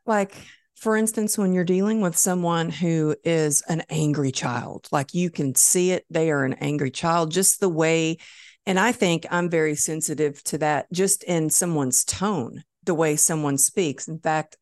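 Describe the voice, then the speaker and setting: A woman's voice: sits low, a little slow, darkish tone, no room sound, clean studio sound. A middle-aged woman hosting a podcast interview, candidly sharing personal stories and asking questions. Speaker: podcast host. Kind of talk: conversational interview.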